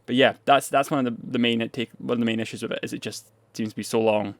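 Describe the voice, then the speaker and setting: A man's voice: mid-range voice, steady tone, quick pace, no echo. A man hosting a casual film review podcast, chatty and rambling, often laughing as he talks.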